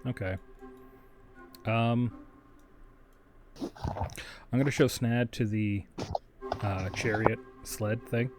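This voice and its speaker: A man's voice: fairly low pitch, steady tone, very slow, pauses often, music in the background. Crude, joking man at a tabletop game. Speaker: player. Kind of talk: casual tabletop play.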